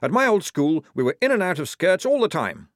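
A man's voice: sits high, sing-song, a little fast, no room sound, clean studio sound, pitched above the performer's own voice. A man voicing an eager, naive, upper-class young male lieutenant, in a raised, chirpy voice. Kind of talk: audiobook character voice.

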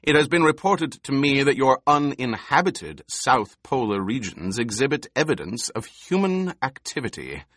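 A man playing an emperor who speaks in a quiet, dryly mocking murmur, in an audiobook. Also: medium pitch, sing-song, moderate pace, hardly any pauses, no room sound, clean studio sound, pitched above the performer's own voice. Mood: derisive. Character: cool, derisive male emperor.

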